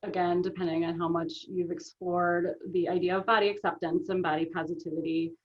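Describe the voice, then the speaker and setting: A middle-aged woman talks earnestly in an interview and sits a little low in pitch. She keeps asking "right?" and drops in soft ums as she explains. The audio is dull and lo-fi. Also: little pitch movement, brisk. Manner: earnest, often adds "right?" and "um". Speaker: guest, author and business owner. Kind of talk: conversational interview.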